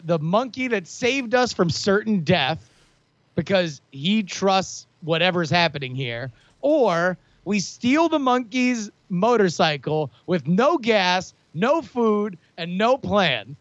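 A man playing a tabletop role-playing game argues his case in an exasperated way. His voice is high and very lively. The sound is dry, close and a little lo-fi. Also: no room sound. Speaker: player. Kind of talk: tabletop role-play banter.

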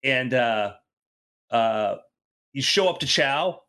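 A man's voice: mid-range voice, expressive, slow, sharp tone, clear, resonant tone. A man co-hosting a podcast, telling a playful story in casual banter. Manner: playful storyteller, puts on silly voices. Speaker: co-host.

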